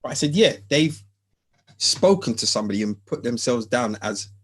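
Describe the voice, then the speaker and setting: A man, a barber chatting casually on a podcast in a relaxed, laughing way. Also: mid-range voice, moderate pace, slightly rough. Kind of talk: casual chat.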